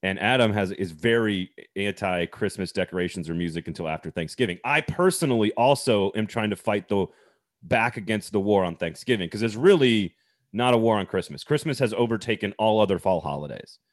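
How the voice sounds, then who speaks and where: A man's voice: lowish voice, lively intonation, fairly quick, no room sound, clean studio sound. Laid-back man in his thirties hosting. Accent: slight Wisconsin. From Wisconsin. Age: 30s. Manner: laughing, joking, reads sponsor plugs. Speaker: podcast host. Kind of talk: casual chat.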